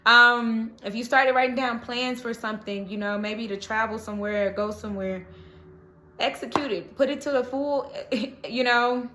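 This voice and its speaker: A woman's voice: fairly high pitch, steady tone, normal speed, pushed and bright, reverberant, slight background noise. Chatty, laughing woman tarot reader. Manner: chatty, laughs often, encouraging. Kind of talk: casual tarot reading.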